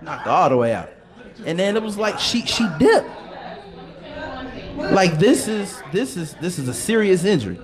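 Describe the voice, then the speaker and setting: A man co-hosting a sports talk show in loose, joking banter. His voice sits a bit high and swings widely in pitch. He laughs through his sentences and rambles when he tells a story. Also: big pitch swings, a little fast, a crowd in the background. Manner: laughs often, playful, rambling, puts on quoted voices.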